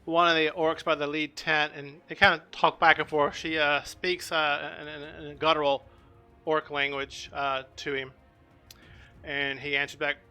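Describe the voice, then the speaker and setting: A man's voice: a little high, level tone, normal speed, bright, forceful tone, clean tone, faint music behind. A man narrating as game master of a tabletop game, hesitant and full of fillers.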